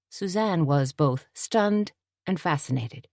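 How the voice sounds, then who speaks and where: A woman narrating an audiobook in a steady, measured storytelling voice. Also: low-pitched, dry recording, studio quality.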